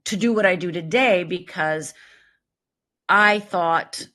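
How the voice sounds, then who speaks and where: A woman in her sixties, a life coach, telling her story as an interview guest in an animated way, often asking "right?". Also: fairly low pitch, slow. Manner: animated, tags thoughts with "right?".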